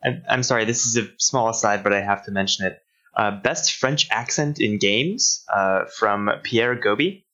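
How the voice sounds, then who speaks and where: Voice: mid-range voice, moderate pace, bright, forceful tone, muffled recording. A person in casual chat with friends, playful and giggly.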